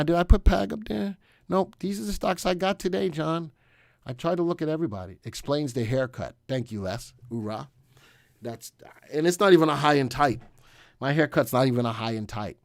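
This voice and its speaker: A middle-aged man hosts a casual live stream about stocks. His pitch sits in an ordinary middle range. He sounds upbeat and jokey as he talks to his viewers, and the recording is dry with little room echo. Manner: upbeat and joking, chatting with viewers.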